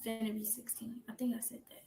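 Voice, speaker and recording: Teen girl, soft and flat, sometimes whispering, echoey room with faint hiss. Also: on the high side, fast talker, creaky. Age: teens. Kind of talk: answering viewer questions on a live stream.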